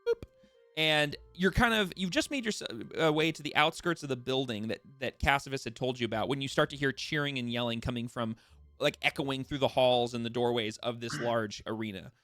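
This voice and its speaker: Male game master, halting delivery, dry close mic, faint music bed. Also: mid-range voice, fairly bright tone, no room sound. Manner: halting, many fillers. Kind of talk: narrating a tabletop game.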